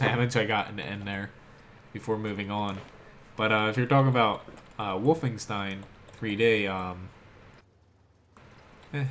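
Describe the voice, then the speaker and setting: The South Jersey streamer, with his American accent, gives relaxed live gameplay commentary and chats with viewers between plays. His voice has a fairly low pitch, and a little hiss or hum sits in the recording.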